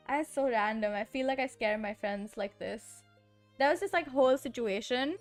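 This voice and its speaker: A woman streamer in casual chat, rambling with lots of "like" and frequent giggles. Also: high-pitched. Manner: giggly, rambling, heavy use of filler "like".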